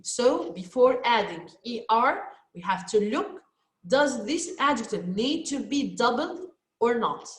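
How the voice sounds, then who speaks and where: A woman teacher with an Egyptian Arabic accent speaks slowly and patiently, repeating each word for young learners. Her voice sits a little high. The recording is roomy and echoey. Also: lively intonation. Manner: slow, patient, repeats words for students. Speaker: English teacher. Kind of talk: recorded online lesson for children. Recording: echoey room.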